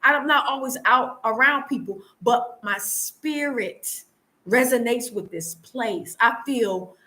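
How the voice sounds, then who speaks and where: On a low-quality recording, an American woman speaks in a bright, forceful voice on the high side. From her home in Tanzania she hosts a casual live stream, earnestly answering viewers while frequently restarting and repeating.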